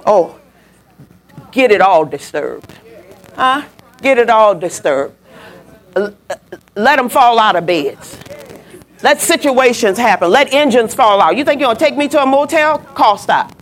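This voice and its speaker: A middle-aged woman preaching a sermon, telling a personal story and swooping up high when she quotes people. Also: expressive, measured pace, pauses often.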